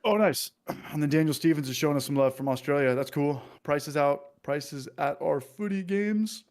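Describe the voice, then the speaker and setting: A man's voice: on the high side, normal speed, a little mellow. Joking man hosting a beer livestream. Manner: loose and joking, reads viewer comments aloud. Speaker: livestream host. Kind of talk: casual livestream chat.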